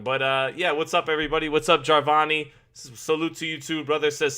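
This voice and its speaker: Male stream host, chatty, greets chat by name, bright and forceful voice, slightly high. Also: level tone, brisk, few pauses, smooth. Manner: chatty, greets viewers by name, repeats phrases. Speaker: boxing live-stream host. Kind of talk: live-stream commentary with chat shout-outs. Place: home basement.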